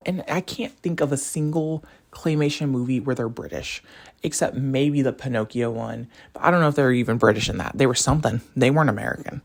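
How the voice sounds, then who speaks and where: A man's voice: mid-range voice, a little fast, gravelly. A young man in college ranting casually to camera, rambling from topic to topic. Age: young adult. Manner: animated, rambling, jumps between topics. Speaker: college student vlogger.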